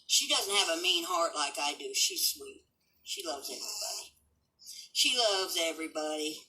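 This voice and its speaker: Brief: older woman, 70s, home livestream host; combative and unfiltered, piercingly bright timbre. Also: fairly low pitch, expressive, normal speed, low-quality recording. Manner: blunt, combative, swearing, defiant. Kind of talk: unscripted livestream rant.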